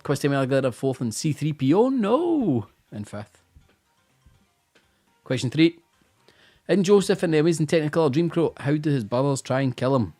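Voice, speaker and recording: Scottish man, quiz host, casual live stream, chatty, teasing, tired, mid-pitched, faint music behind. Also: a little mellow.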